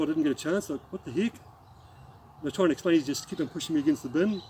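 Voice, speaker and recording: Rambling Australian man, mellow, fairly high voice. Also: slight background noise, rough recording. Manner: rambling, halting storyteller who demonstrates moves while talking. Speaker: martial arts instructor. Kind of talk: casual spoken anecdote with demonstration.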